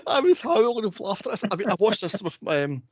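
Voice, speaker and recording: A man co-hosting a podcast in casual chat, animated and laughing often, jumping into high squeals to act out scenes. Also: a little fast, no echo. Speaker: podcast co-host. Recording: dull lo-fi dry sound.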